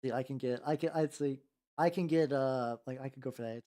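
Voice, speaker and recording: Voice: medium pitch, a little fast, mellow. A streamer chatting casually with a live chat while painting miniatures, rambling, swearing freely and trailing off mid-thought. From United States.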